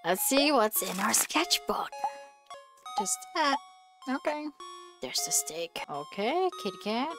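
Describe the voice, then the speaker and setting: A woman's voice: on the high side, big pitch swings, slow, long pauses, music in the background. A woman streaming a video game, reacting to it with jokes and lots of giggles. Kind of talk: let's play commentary.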